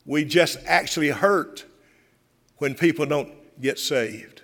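A man's voice: on the high side, unhurried, pauses often, fairly bright tone, big-room sound. An older man, a retired pastor, preaching a sermon, telling a story and then making fervent appeals.

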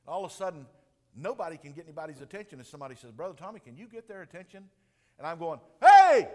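Male preacher, high-pitched, animated sermon delivery, long echo of a large sanctuary. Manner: animated, swings from hushed to booming. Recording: long reverb of a large room.

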